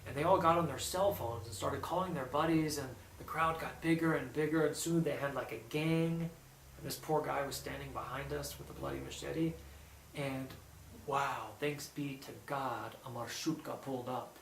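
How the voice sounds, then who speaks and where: A man telling a personal anecdote in a casual, animated way, quoting others in lively bursts. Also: mid-range voice, moderate pace, gravelly. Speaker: storyteller. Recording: roomy echo, distant mic, faint background hum.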